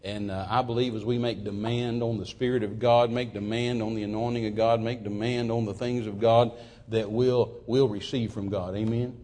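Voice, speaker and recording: A man's voice: on the low side, fairly even intonation, moderate pace, dark tone. A man preaching a sermon, stumbling through repeated restarts and then rising into emphatic quotation.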